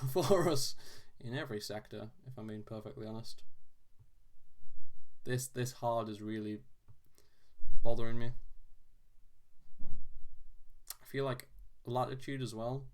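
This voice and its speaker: A man solving a crossword on video, thinking aloud in a casual, halting way with frequent restarts and self-deprecating asides. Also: mid-range voice, sharp tone.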